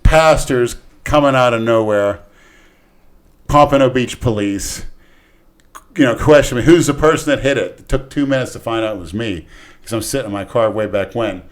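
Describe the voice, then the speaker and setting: An older man on a podcast telling a rambling, crude story in casual talk, swinging between hushed and loud. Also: medium pitch, moderate pace. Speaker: podcast regular.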